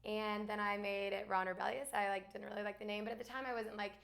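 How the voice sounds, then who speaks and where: A young woman from Alabama, a guest in a casual chat, talking fast with lots of fillers and laughs. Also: mid-range voice, level tone, creaky, fairly bright tone. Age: young adult.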